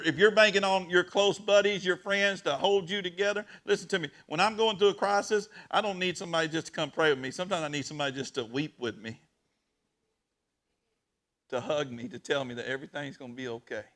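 A man giving an emotional sermon as a pastor, swinging from hushed talk to loud, shouted preaching. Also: a little high.

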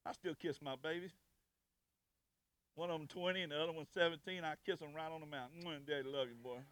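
A man, preaching in church, swinging from loud, rising exhortation to soft, intimate storytelling. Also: a little high, fairly even intonation, brisk, clear, resonant tone. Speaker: pastor. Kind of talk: sermon.

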